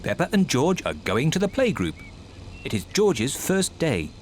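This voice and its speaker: A man narrating a children's cartoon in a clear, gently amused storytelling manner. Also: on the high side, wildly swooping pitch, measured pace.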